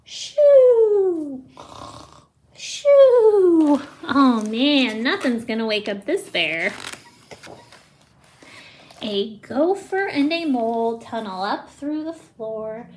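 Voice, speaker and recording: Woman preschool teacher, picture book read-aloud, very slow, high voice, animated with sound effects. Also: a little hiss or hum.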